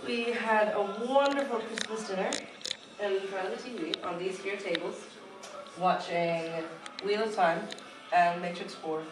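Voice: mid-range voice, steady tone, measured pace. A speaker in casual chat, wry and teasing, heard in an echoey, distant, noisy room.

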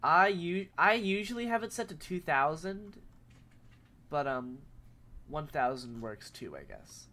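A man who is sick with a cold, speaking in a nasal voice and giving a rambling, filler-filled software tutorial. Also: a little high, sing-song, measured pace. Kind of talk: casual screen-recorded tutorial.

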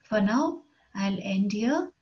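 A woman's voice: medium pitch, animated, takes it slowly, muffled recording. A woman teaching an English poetry lesson, reading each line and then explaining the words in simple terms.

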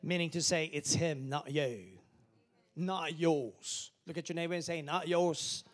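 A man's voice: on the high side, measured pace. A man preaching a sermon as pastor, emphatic and calling on the congregation to repeat after him. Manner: emphatic preaching with call-and-response.

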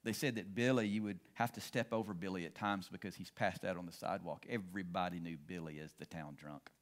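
A man's voice: low-pitched, fairly quick. Storytelling man preaching a sermon. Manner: storytelling preacher, swings between excited and hushed. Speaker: pastor.

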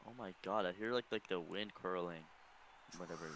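A young man in casual voice chat on a stream, defensive and quick to protest. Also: sits low, heavy background noise. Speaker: stream co-player. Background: game music.

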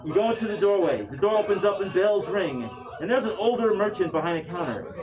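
A man's voice: high voice, lively intonation, fairly quick, over music, poor audio. A man running a tabletop game as game master, describing scenes casually with fillers.

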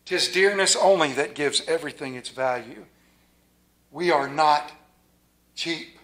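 A man preaching a sermon as a pastor, folksy and playful with a rural Maryland accent, dropping to a hushed, reverent tone. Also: a little high, a little slow.

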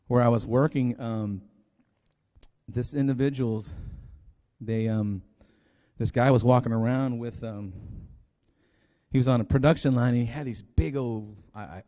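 A man's voice: mid-range voice, mellow. A man preaching a sermon as pastor, telling a story in a rambling, conversational way with many restarts. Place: church sanctuary. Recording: long hall reverb.

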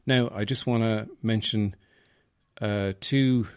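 A man's voice: lowish voice, fairly even intonation, slow, over music. A man hosting a podcast in rambling, jokey casual chat. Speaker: podcast host.

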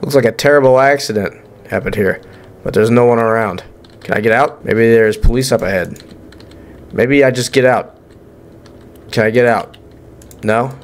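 A young man giving let's-play commentary on a horror game, excitable, joking and swearing as he reacts. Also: mid-range voice, normal speed, long pauses. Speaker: gaming YouTuber.

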